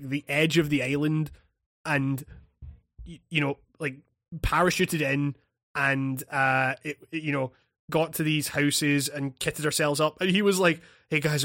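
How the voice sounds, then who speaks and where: A man's voice: a little high, a bit bright. A man in a casual chat, telling a story with lots of laughter, swearing and restarts.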